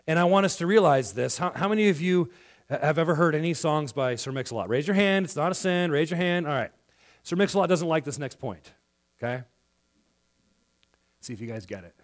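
Man preaching, fairly high voice, animated, acts out quotes, loud then hushed, church sermon. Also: brisk, long pauses. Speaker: pastor.

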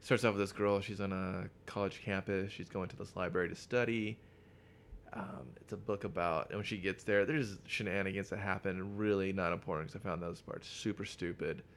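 A man co-hosting a podcast, casually retelling a comic's plot with lots of swearing and quick character voices. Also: deep voice, steady tone, a little hiss or hum. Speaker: podcast co-host. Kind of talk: casual comic book chat.

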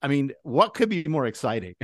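A man co-hosting a casual podcast chat, teasing with dry, deadpan humor. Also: mid-range voice, moderate pace, dry recording. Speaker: podcast co-host.

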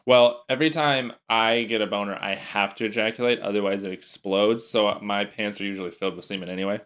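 A man hosting a casual podcast, making crude jokes in a deadpan way. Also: lowish voice, brisk. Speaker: podcast host. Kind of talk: casual chat.

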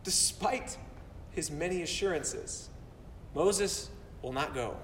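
A man's voice: on the high side, slow pace, fairly bright tone, a little hiss or hum. A man preaching a sermon to his church as pastor, speaking earnestly and repeating words for emphasis. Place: church sanctuary. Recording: roomy hall from far off.

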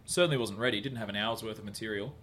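A man's voice: on the low side, rapid-fire, fairly bright tone, a little hiss or hum. Rambling comedian man. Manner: rambling, self-deprecating, swears, frequent restarts. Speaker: comedian guest. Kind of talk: candid podcast interview chat. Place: bar venue.

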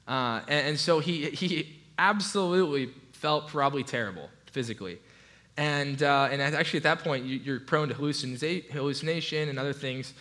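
A man preaching a sermon in a relaxed, conversational way, with frequent restarts and light asides. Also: a little high, brisk. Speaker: pastor.

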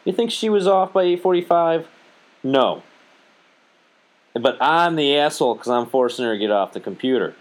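A man's voice: on the high side, lively intonation, normal speed, pauses often. A young man hosting a podcast, joking around crudely and swearing freely. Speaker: podcast host. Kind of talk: casual podcast banter.

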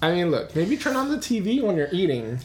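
A low-pitched woman chatting casually as a podcast co-host. Her pitch swings around a lot as she drops wry jokes and playful asides. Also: sing-song, brisk, a little mellow, a little hiss or hum. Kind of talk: casual chat reviewing a horror film.

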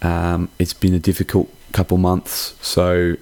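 A young man with a very deep voice talks in a flat, even tone. He rambles through a heartfelt, casual holiday sign-off and drops a swear word here and there. The sound is dry and close to the mic. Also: unhurried, dry recording. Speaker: podcast host.

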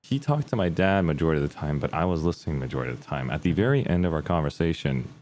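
A man's voice: very deep voice, lively intonation, very fast, a little mellow, a little hiss or hum. A young adult man telling a personal story in a casual, candid and rambling way, full of fillers and restarts.

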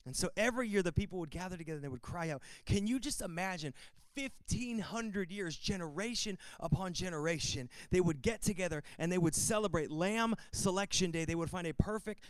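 A man's voice: high-pitched, animated, a little fast, clean tone, dry recording. A man preaching a sermon as pastor, building emphasis with repetition and calls to open the Bible.

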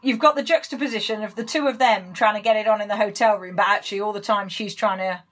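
A woman's voice: medium pitch, fairly even intonation, quick pace, a bit bright. A woman co-hosting a podcast, chatting bluntly and laughing often. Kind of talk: casual chat.

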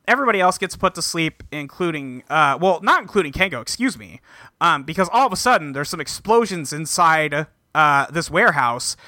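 A man co-hosting a casual podcast, recapping a show episode and reading out the characters' lines in a flat voice, swearing freely. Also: a little high, dry recording, studio quality. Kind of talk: casual chat.

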